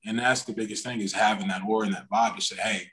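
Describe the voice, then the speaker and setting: A man's voice: lowish voice, steady tone, fast, a bit bright, poor audio. A young man, a pro football player guest, chatting casually in an interview and rambling through many restarts and fillers. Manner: self-aware talker.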